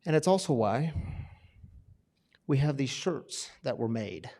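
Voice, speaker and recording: A man preaching to a recovery church community, telling a story with swings between loud and hushed delivery. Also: medium pitch, lively intonation, measured pace. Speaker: pastor. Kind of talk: sermon storytelling.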